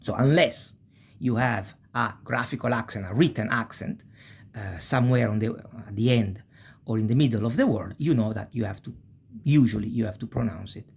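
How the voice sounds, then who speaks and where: A man with an Italian accent teaching a language lesson, slowly spelling out syllables and checking in with "eh?". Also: medium pitch, creaky, husky. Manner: slow, spells out syllables, tags with "eh?".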